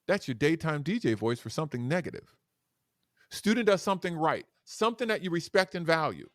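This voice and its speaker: A man who is a guest educator and speaker on a podcast interview, talking in an animated, demonstrative way that swings between loud and soft. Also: fairly high pitch, fast talker, dry recording, clean studio sound.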